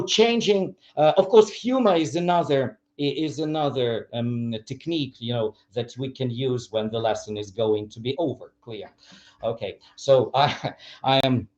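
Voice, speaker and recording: A man with a Ukrainian accent lecturing teachers on English, repeating example phrases with exaggerated intonation and often asking "clear?". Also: medium pitch, darkish tone, muffled recording.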